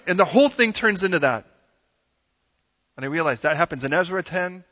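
Male pastor, high bright voice, casual animated sermon, muffled recording with long hall echo. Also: fairly quick, pauses often. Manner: animated, conversational preaching with acted-out quotes. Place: church sanctuary. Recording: dull sound with long hall reverb.

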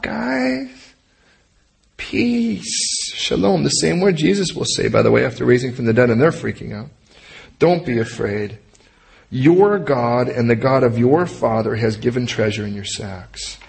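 A man teaching a sermon verse by verse, animated, often acting out the characters' lines in his own voice. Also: medium pitch, gravelly. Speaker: pastor.

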